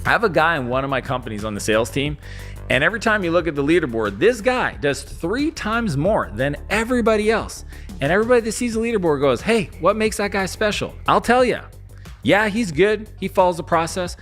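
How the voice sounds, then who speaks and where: Very animated and fairly quick, this sales and business speaker has a high-sitting, fairly bright voice, with faint music behind him. He gives a motivational talk on selling, acting out small scenes with quoted voices.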